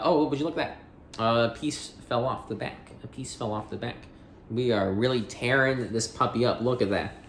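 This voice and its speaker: A man's voice: lowish voice, fairly bright tone, echoey room, slight background noise. A man hosting a dictionary audiobook, chatting in a rambling, jokey way with self-interruptions, then reading entries aloud.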